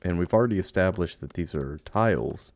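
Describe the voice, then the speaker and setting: A man giving let's play commentary, playfully cooing at game creatures and drifting into hushed, musing narration. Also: low voice, expressive, a little fast. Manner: playful, coos and baby-talks at game creatures. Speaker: game streamer.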